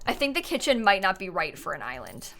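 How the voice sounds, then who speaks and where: A woman's voice: mid-range voice, very animated, fairly quick, creaky, sharp tone, slight background noise. A woman streaming live, chatting casually and thinking aloud as she builds, with frequent ums and laughs.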